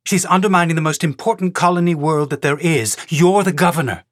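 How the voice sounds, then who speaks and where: Man doing a sharp demanding lady official, higher voice, forceful and cutting, storybook scene. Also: a little fast, no echo, studio quality, natural voice. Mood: insistent.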